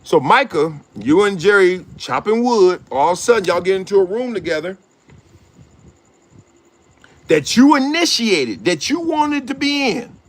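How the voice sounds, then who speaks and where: Middle-aged man, show host, casual commentary, animated, slangy, laughs a lot, fairly high voice, wide pitch swings. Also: normal speed, few pauses. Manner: animated, slangy, laughs often, acts out quotes.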